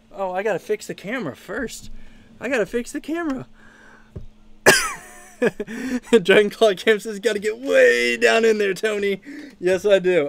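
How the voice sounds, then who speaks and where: Upbeat high-voiced man hosting a live stream. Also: darkish tone. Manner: upbeat, thanks viewers, chatty with fillers. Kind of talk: casual live-stream chat. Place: home room with plush pile.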